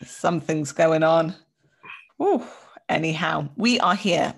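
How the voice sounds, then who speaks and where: A woman's voice: low-pitched, lively intonation, slow pace, creaky, breathy edge. A young woman co-hosting a podcast, chatting in a bubbly way with lots of exclamations. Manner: bubbly, exclamatory, laughs easily. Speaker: podcast co-host. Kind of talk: casual chat.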